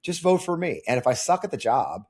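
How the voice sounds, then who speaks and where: A man running for Congress, answering interview questions as an animated storyteller with many restarts. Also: on the high side, a little fast, slightly rough. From Missouri. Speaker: congressional candidate.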